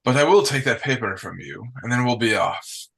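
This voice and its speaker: A man voicing a stern male master figure in a tabletop game who talks slowly and makes threats. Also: medium pitch, lively intonation, creaky, fairly bright tone, husky, exaggerated voice, rough recording. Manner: slow, measured and threatening.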